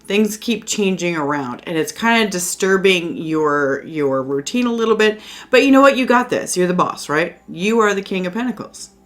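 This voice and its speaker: Chatty, low-voiced woman reading tarot. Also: expressive, normal speed, hardly any pauses. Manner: chatty and reassuring, many fillers. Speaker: tarot reader. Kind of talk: casual spoken tarot reading. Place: indoors at home by a window.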